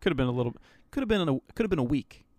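A man's voice: medium pitch, expressive, rapid-fire, darkish tone, dry recording. A man co-hosting a podcast in casual chat, laid-back and teasing, laughing often. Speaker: podcast co-host.

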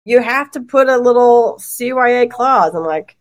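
A woman law professor on a podcast panel, talking in animated quick bursts and often laughing. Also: fairly high pitch. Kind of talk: podcast roundtable discussion.

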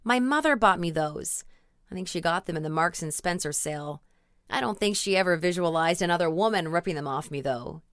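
A woman's voice: fairly low pitch, lively intonation, fairly quick, fairly bright tone, clear, resonant tone, dry recording. Jealous older woman, wounded and accusing, read by the woman narrating the audiobook, dry voice. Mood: amused. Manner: accusing, raw and emotional. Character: hurt jealous older woman, long-time partner. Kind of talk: audiobook character reading.

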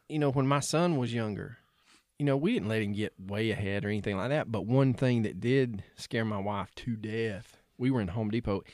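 A man's voice: mid-range voice, dry recording, clean studio sound. A man co-hosting a podcast in casual chat, a joking storyteller with folksy slang. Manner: chatty storyteller, joking, Southern-flavored slang. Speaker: podcast co-host.

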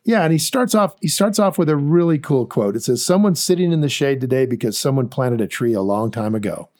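Animated, rambling male podcast co-host. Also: medium pitch, fairly quick. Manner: animated, rambling with restarts and fillers. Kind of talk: casual investing chat.

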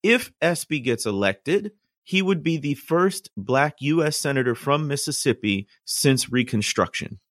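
A man's voice: a little high, animated, measured pace, few pauses, no echo, clean studio sound. A man co-hosting a casual political discussion, explaining earnestly and drawing on scripture. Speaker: podcast co-host.

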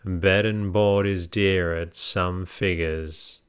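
A man's voice: low-pitched, fairly even intonation, slow pace, smooth. A man voicing a buxom, motherly market woman selling stay-laces, scolding in rustic speech.

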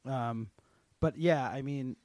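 A man's voice: medium pitch, slow pace, a little mellow, no room sound. A man co-hosting a casual TV recap podcast, chatty and easygoing, hedging his views. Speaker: podcast co-host. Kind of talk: casual chat recapping a TV show.

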